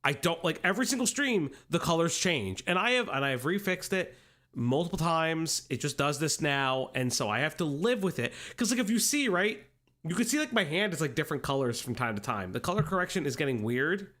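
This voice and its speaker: A man's voice: a little high, lively intonation, a little fast, a bit bright. A man hosting a casual livestream from home on a desk microphone, greeting chat in a playful sing-song way and rambling in asides. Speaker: livestream commentary host. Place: home streaming room.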